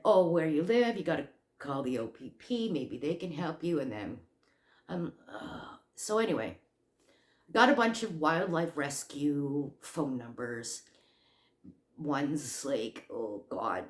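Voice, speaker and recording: A woman with a somewhat low voice, telling a story at an unhurried pace for her crochet channel. She rambles and restarts, filling gaps with ums and uhs. The room around her is echoey. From Canada. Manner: rambling, animated retelling with many fillers and restarts. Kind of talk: casual storytelling vlog.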